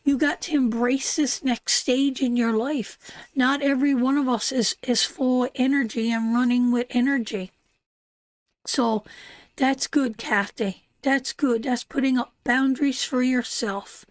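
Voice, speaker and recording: An older woman from Newfoundland, Canada, with a Newfoundland accent, hosts a live tarot stream, talking casually and affectionately and calling viewers darling and sweetheart. Her voice sits high, with a steady tone and a slightly slow pace. There's no echo.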